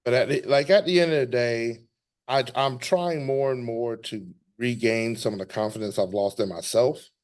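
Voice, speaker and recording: A man talks through his thoughts on a podcast in a loose, reflective ramble, often restarting his sentences. His voice sits at an ordinary middle pitch. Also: normal speed. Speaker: podcast host. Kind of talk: casual podcast conversation.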